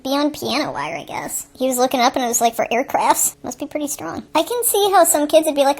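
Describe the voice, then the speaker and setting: Host, female, high voice; loose, jokey running commentary on a film, all tangents. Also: sing-song, fairly quick, hardly any pauses, darkish tone. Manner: chatty, joking, rambling asides. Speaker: show host. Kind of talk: improvised movie commentary. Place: at home watching TV.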